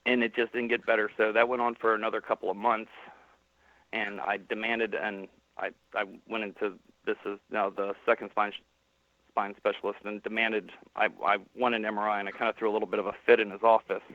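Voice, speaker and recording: A man's voice: fairly low pitch, little pitch movement, fairly quick, no room sound. A man calling in and plainly telling a personal story, quoting the people he met along the way. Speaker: caller. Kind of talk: personal story on a call-in stream. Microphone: phone. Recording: tinny phone line.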